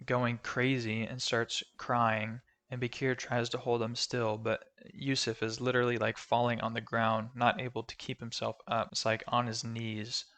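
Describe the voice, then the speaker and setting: A man with a bright, forward voice rambles through a movie recap, leaning on fillers and breaking into loud outbursts. He sounds casual and unscripted, with soft music playing faintly underneath. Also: medium pitch. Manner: rambling, filler-heavy, with loud exclaiming bursts. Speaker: movie reviewer. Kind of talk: casual spoken film review.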